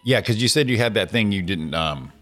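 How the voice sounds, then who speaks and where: A man's voice: fairly low pitch, animated, a little fast, fairly bright tone, soft background music. A man co-hosting a casual morning show, joking, laughing often and swearing casually. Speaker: co-host.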